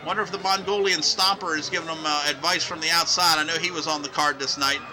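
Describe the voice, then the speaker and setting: A man with a high, light voice calls old wrestling footage play-by-play as the show's host. He gets excited and shouts on the big moves, then wanders off into loose, rambling asides. A clear layer of background noise runs under the recording. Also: quick pace. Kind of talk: play-by-play commentary over old match footage.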